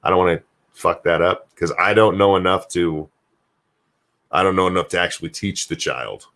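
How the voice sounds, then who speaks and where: A man's voice: sits low, moderate pace, fairly bright tone. An older American man, a grandfather, hosting a live stream alone, chatting casually, reading viewer messages aloud and swearing freely as he rambles. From United States. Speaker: show host reading live chat.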